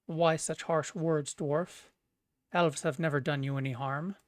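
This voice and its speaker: Haughty elvish lord, indignant, slow delivery, dry sound, streamer-voiced. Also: mid-range voice, steady tone, no echo, lightly acted. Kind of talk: reading game dialogue aloud.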